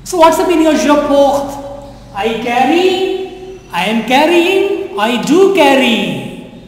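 High, lively woman teaching slowly in an echoey room. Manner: repetitive, coaxing learners to translate. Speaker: French teacher. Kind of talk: classroom-style language lesson. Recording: echoey room with long reverb.

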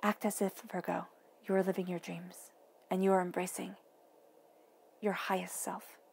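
A woman giving an emphatic, encouraging tarot reading to her viewers, often dropping to a soft near-whisper. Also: lowish voice, flat delivery, moderate pace, creaky, a little hiss or hum. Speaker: tarot reader.

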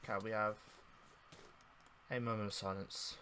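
A young man commentating on his own gameplay, exasperated and swearing, swinging between loud outbursts and mock mourning. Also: mid-range voice, very animated, unhurried, long pauses, a little hiss or hum. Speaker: gaming YouTuber. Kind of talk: casual game commentary.

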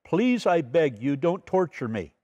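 A desperate, demon-possessed man, as a male pastor reads him aloud who begs not to be tormented. The voice is lightly dramatized, pleading, and slightly higher and louder at first. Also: big pitch swings, measured pace, lo-fi sound.

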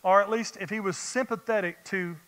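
A man preaching a sermon as pastor, animated and firing rhetorical questions at the congregation. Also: high-pitched, brisk. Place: church sanctuary. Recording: long church-hall reverb.

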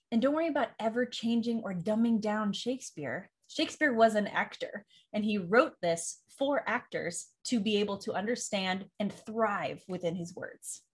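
Husky-voiced woman teaching Shakespeare. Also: fairly high pitch. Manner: enthusiastic, explanatory, demonstrates meter aloud. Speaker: acting teacher. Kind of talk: Shakespeare monologue tutorial.

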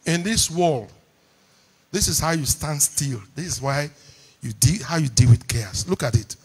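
A man's voice: on the high side, animated, unhurried, husky. A man with a Nigerian English accent, preaching a sermon from a church pulpit, calling on the congregation to repeat lines back to him. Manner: call-and-response preaching, repeats lines for emphasis. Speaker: pastor. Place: church hall.

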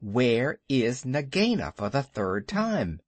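A man voicing a brave young male mongoose who talks in a sharp, urgent, scolding way. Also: medium pitch, sing-song, slow pace, no room sound.

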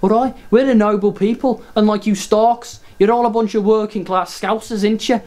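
A man's voice: high-pitched, steady tone, moderate pace, darkish tone, lightly acted. A man putting on a smug, condescending wealthy male neighbour in a comic monologue. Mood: sneering.

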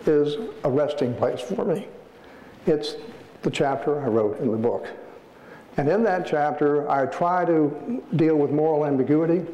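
A man, an author, giving a storytelling lecture in an animated way, acting out the people in his stories. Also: a little high, highs cut off, slight background noise. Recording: echoey hall, faint ambience.

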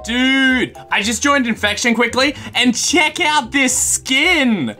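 A man giving excited gameplay commentary as host, hyper and playful, yelping and joking as he plays. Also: very high-pitched, slow, few pauses, soft background music. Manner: hyper, playful, yelps and jokes. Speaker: gaming video host.

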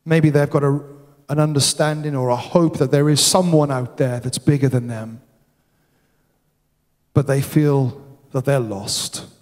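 A man preaching a sermon, stressing his points by repeating words, sometimes dropping to a hushed, solemn tone. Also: mid-range voice, fairly even intonation, measured pace. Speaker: pastor. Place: church hall. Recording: long hall reverb.

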